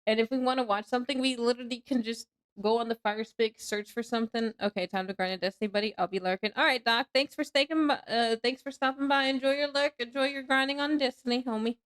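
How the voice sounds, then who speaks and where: High-voiced young woman, casual live streamer at her home desk, laughs a lot and squeals. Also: fairly even intonation, fast, hardly any pauses, fairly bright tone. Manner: laughs a lot, squeals when startled, then drops to mumbling.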